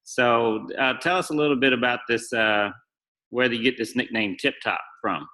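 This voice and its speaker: A man's voice: mid-range voice, moderate pace, bright, forceful tone, low-quality recording. A man hosting an interview with his father, asking questions with many hesitant fillers. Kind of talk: casual interview.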